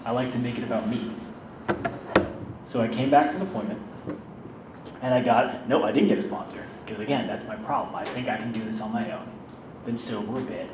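A man's voice: medium pitch, fairly quick, long pauses. A man candidly telling a self-deprecating personal story about his recovery, in a casual, conversational way. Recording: roomy, distant mic, background noise.

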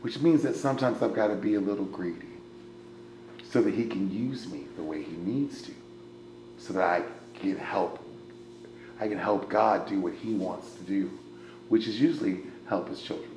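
Man, recovery-meeting speaker, gravelly tone, animated testimony with hushed drops, roomy echo. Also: lowish voice, normal speed, long pauses. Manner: animated storyteller, swings from loud exclaiming to hushed murmur; keeps checking in with "right?". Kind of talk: personal testimony. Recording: echoey room with faint ambient noise.

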